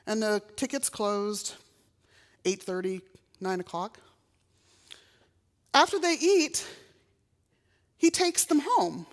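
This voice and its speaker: In a college chapel with a long, echoing reverb, a middle-aged woman from Texas tells her personal testimony, acting out those she quotes. Her voice sits at medium pitch with lively intonation, and she goes slowly, pausing often.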